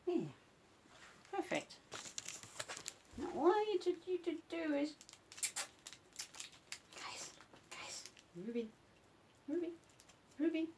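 A woman's voice: extremely high pitch, expressive, measured pace, pauses often, background noise. A woman coaxing her cats to pose for a photo shoot at home, repeating names and commands. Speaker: pet photographer. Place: indoor home photo session.

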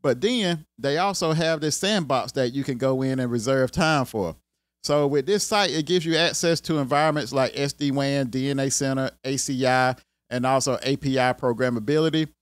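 Speaking to camera at normal speed and medium pitch, with no echo, a man with a Southern country accent hosts a video about IT careers. He rambles in a casual way, often saying "you know what I'm saying."

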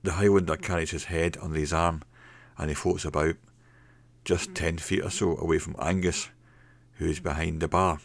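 Man, deep voice, measured storytelling, dry close recording. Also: fairly even intonation, vocal fry, dry recording. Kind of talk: scripted story narration.

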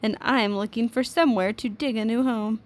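A woman's voice: a little high, fairly even intonation, a little fast, natural voice. Small timid storybook mole, plaintive little voice, as a woman reads him aloud.

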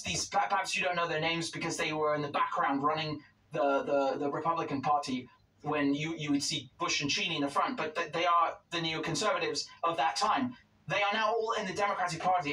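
A man giving political commentary in a played clip, speaking haltingly with many restarts. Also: on the high side, steady tone, bright, forceful tone. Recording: distant, echoey clip with faint noise.

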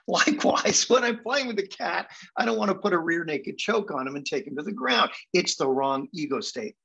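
Husky older Canadian man telling stories. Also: sits high, normal speed, dull audio. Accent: Canadian English. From England. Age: 70s. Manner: animated, wry storyteller. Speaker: guest speaker. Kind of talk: storytelling talk.

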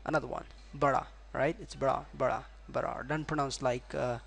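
A man's voice: medium pitch, steady tone, brisk, creaky, hardly any pauses, fairly bright tone, heavy reverb, distant mic. A man teaching Hindi pronunciation in a casual video lesson, repeating each word several times as a drill.

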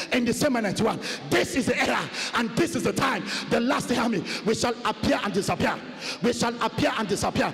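A man preaches a fiery testimony in a high, gravelly voice. He repeats his refrains like chants and shouts them out, and his voice rings through the long reverb of a big hall. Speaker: pastor. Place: large conference hall.

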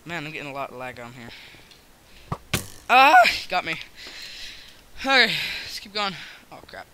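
Excitable young American gamer, bright voice. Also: male voice, fairly high pitch, a little fast, slight background noise. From United States. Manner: rambling, self-mocking, yells during fights. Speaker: gaming YouTuber. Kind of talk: Minecraft let's play commentary.

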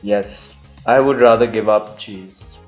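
A man's voice: fairly low pitch, fairly even intonation, slow, darkish tone, soft background music. A man co-hosting a casual couple chat, playful and rambling with many fillers. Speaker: co-host.

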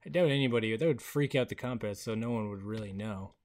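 A man hosting a casual gameplay video on a headset mic, excitable and chatty, laughing often. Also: lowish voice, quick pace. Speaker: gaming video host.

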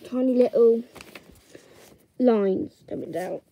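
A woman's voice: fairly high pitch, creaky, mellow. A young woman giving a casual drawing tutorial, chatting through each step as she sketches. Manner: slow, chatty step-by-step narration while drawing.

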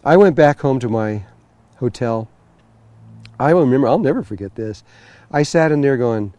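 A man's voice: mid-range voice, expressive, moderate pace, pauses often, warm tone, dry recording. Guy telling a long story, lots of uh and restarts, dry close sound. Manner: rambling, full of fillers and restarts. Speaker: spiritual teacher telling a story. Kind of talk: storytelling talk.

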